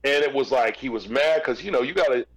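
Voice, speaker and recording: A man's voice: medium pitch, fast, breathy edge, poor audio. Man telling a rambling story. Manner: rambling anecdotal telling with fillers and restarts. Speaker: guest, former record label executive. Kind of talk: casual storytelling interview.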